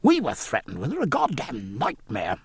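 Man voicing an old admiral, gruff, hearty, blunt, swinging intonation, dry close sound. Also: medium pitch, wildly swooping pitch, moderate pace, no echo, full character voice. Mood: bluff hearty. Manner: blunt, bluff, hearty exclamations.

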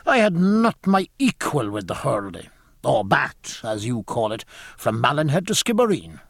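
A man's voice: mid-range voice, very animated, moderate pace, vocal fry, dry recording, clean studio sound. A man doing a prickly naturalist. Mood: earnest. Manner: formal, wordy, indignant. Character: learned, prickly Irish ship's surgeon and naturalist.

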